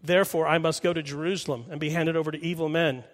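A man voicing a calm, authoritative male teacher within a sermon, in a measured, grave tone. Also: on the high side, natural voice. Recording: long hall reverb.

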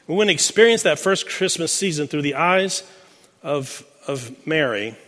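A man's voice: fairly high pitch, lively intonation, moderate pace, fairly bright tone, long reverb tail. A man with a Texan accent preaching a sermon as pastor, folksy and joking as he reads children's letters to his congregation. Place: large church sanctuary.

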